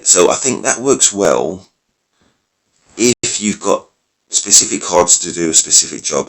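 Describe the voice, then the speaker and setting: A man casually talking through card game decks, rambling and correcting himself as he thinks aloud, his voice a little worn. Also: deep voice. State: losing his voice. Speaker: mobile game video creator. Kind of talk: casual gameplay commentary.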